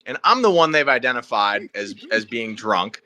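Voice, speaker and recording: A young man telling a story on a casual podcast, animated and wry, with laughs as he goes. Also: mid-range voice, normal speed, no echo. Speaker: podcast co-host.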